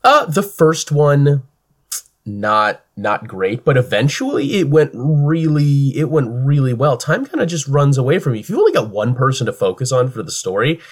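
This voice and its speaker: A man's voice: medium pitch, big pitch swings, normal speed. A young man co-hosting a podcast, chatting casually about running games with lots of fillers and restarts. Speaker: podcast co-host and game master. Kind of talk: casual chat.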